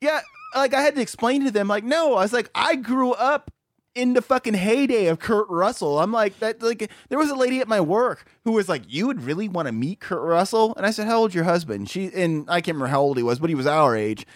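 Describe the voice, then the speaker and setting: A man's voice: high-pitched, expressive, brisk, no room sound, studio quality. A man co-hosting a casual podcast, rambling with lots of fillers and swearing. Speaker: podcast co-host.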